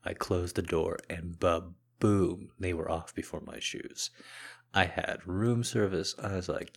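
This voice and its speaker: Low, husky man in whispered role-play. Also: fairly even intonation, unhurried. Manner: soft-spoken, teasing and affectionate. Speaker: partner back from a trip, addressing the listener.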